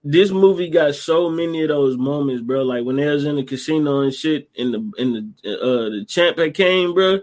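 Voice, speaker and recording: A man's voice: fairly high pitch, moderate pace, few pauses, darkish tone. A man co-hosting a casual movie podcast, acting out scenes with lots of laughter. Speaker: podcast co-host.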